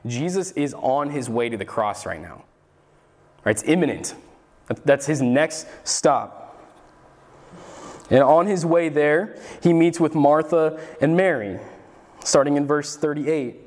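A man's voice: on the high side, unhurried, long pauses, a little mellow. A man preaching a sermon in an earnest way, often restarting his phrases and briefly acting out frustrated voices. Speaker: pastor.

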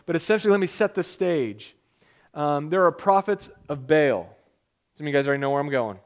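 A man, a pastor, giving a casual, conversational sermon with jokes, reading scripture aloud in a measured way. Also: on the high side, expressive.

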